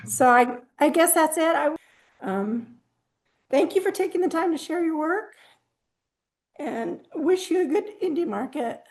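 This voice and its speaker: A woman with a high-pitched, animated, unhurried voice hosts an online talk over a video call. She's friendly and informal, announcing things in a scattered way while losing her voice.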